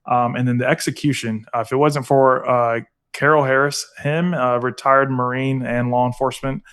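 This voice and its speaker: A man's voice: mid-range voice, steady tone, moderate pace, fairly bright tone, clean tone. A middle-aged man talking earnestly in a casual podcast interview, with lots of fillers. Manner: conversational, many fillers, earnest. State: getting emotional, teary. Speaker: guest, foundation founder.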